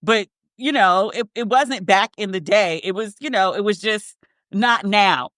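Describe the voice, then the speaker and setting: A woman in her thirties chats casually on a podcast, circling her point with restarts and asides. Her voice sits in a middle pitch. The recording is close and dry with no room sound. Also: unhurried, fairly bright tone, dry recording. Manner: rambling, self-interrupting storyteller with frequent restarts. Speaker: podcast co-host. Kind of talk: casual chat.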